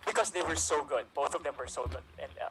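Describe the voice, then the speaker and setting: A man's voice: fairly high pitch, quick pace, crowd noise, poor audio. A man from Manila, an improv performer on a video call, cheerful and giggly. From Manila, Philippines.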